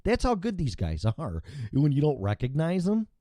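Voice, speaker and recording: A man's voice: on the high side, huge pitch swings, normal speed, dark tone, dry recording, clean studio sound. Rambling, foul-mouthed male talk show host. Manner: rambling, profane, with frequent restarts. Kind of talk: casual podcast chat.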